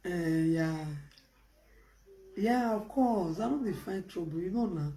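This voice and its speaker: A woman with a Nigerian Pidgin English accent, hosting a casual live stream, animated and laughing, with loud outbursts between quiet phone chat. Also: on the low side, takes it slowly, a little hiss or hum.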